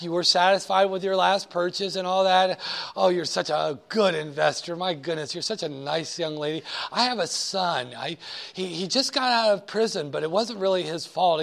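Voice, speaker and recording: A man slips into a rambling older woman selling bonds, all fuss and flattery. The voice sits high and light, with a meddling, matchmaking chatter. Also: gravelly. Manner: gushing, fussy, rambling. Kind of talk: classroom role-play.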